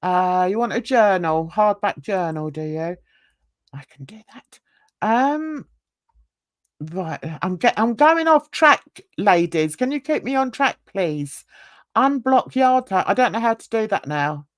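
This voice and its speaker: Woman, relaxed pace, lively swooping pitch, dry close sound; chatty panelist who laughs and mimics others. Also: unhurried, no room sound. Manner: animated, laughing, mimics other people's voices. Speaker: livestream panelist. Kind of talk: casual livestream chat.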